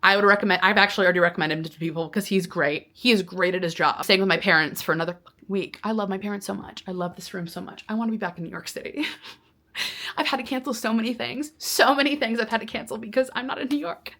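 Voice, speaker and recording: Woman vlogger, talking to camera, bright forward tone, exasperated and expressive storyteller. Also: mid-range voice, fast. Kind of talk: casual talking-to-camera vlog.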